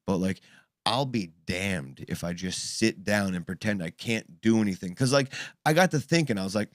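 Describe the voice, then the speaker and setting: A man's voice: fairly low pitch, moderate pace, no room sound, studio quality. A man in his thirties telling a story in casual chat, swearing freely and acting out what people said. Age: 30s. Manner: animated, profane, acts out quoted voices.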